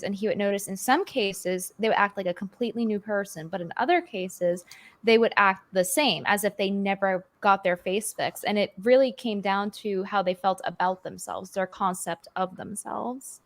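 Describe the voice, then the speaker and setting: A woman guest in casual podcast chat, explaining an idea in long run-on thoughts. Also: mid-range voice.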